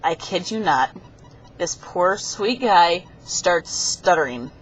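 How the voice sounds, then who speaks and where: A young woman vlogs to her webcam, rambling chattily through a story and acting out the voices of the people in it. Her voice is fairly low with lively intonation, slow and a little breathy, captured in dull lo-fi webcam audio.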